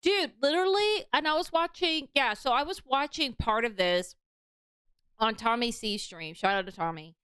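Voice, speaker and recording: Young woman streamer, chatty and mocking, smooth higher voice, dry close mic. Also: moderate pace, a bit bright, no echo. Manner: chatty, mocking, lots of "like" fillers. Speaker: commentary streamer. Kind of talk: casual reaction commentary.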